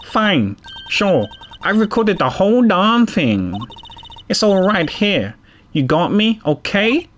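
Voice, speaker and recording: A man's voice: high-pitched, big pitch swings, slow pace, fairly bright tone, a little hiss or hum, pitched above the performer's own voice, heavily acted. Man doing a twangy young woman reporter. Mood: flustered. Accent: put-on Southern US twang. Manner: folksy, defiant drawl. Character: brash young female reporter, stubborn.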